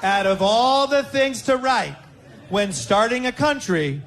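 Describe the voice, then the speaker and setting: A man performing a stand-up bit in a mocking, drawn-out delivery. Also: very high-pitched, very animated, a bit bright. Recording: distant with clear background noise.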